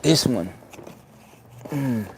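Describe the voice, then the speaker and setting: A man streaming live as an artist, giving excited shout-outs to viewers in casual slang, then turning soft and reflective. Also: mid-range voice, very slow, slight background noise. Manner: drops to a soft, quiet reflective tone. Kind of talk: casual livestream chat.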